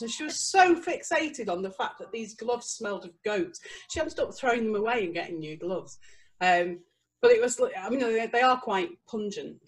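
A woman, a guest author telling a lively story and breaking into laughter and quoted voices. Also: mid-range voice. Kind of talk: casual storytelling.

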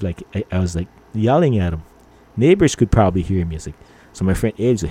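A middle-aged podcast host from Hawaii rambles through stories, packing in fillers and acting out angry lines. His low, warm, husky voice moves fast with lively intonation.

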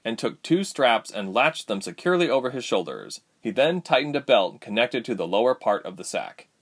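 A man reading a story aloud, expressive and lively. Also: medium pitch. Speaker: narrator. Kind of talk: storybook narration.

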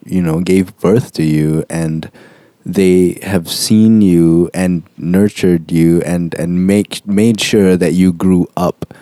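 A man, speaking in a thoughtful, measured way as a podcast co-host. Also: deep voice, fairly even intonation, mellow, no echo, clean studio sound. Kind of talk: casual chat.

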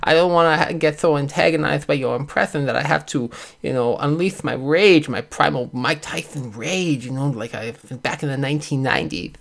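A man doing an impression of a famous male boxer, speaking softly and politely. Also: on the high side, moderate pace, gravelly. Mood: soft-spoken.

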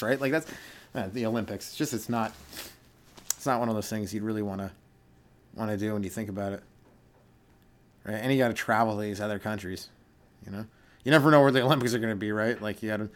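A man's voice: on the low side, fairly even intonation, fast, long pauses, a bit bright. A young adult man, a stand-up comedian hosting his own podcast, rambling through a solo comedic rant and slipping into goofy voices for his bits.

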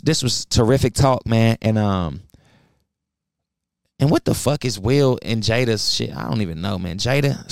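A man's voice: lowish voice, creaky, no room sound, studio quality. A young man hosting a podcast, ranting bluntly and profanely, heated and preachy. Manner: heated, fired up. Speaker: podcast host. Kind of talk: ranting solo podcast talk.

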